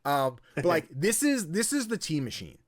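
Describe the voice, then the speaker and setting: A man co-hosting a podcast in casual chat, retelling a video game in an animated way and swearing casually. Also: a little high, moderate pace, dry recording, studio quality. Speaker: podcast co-host.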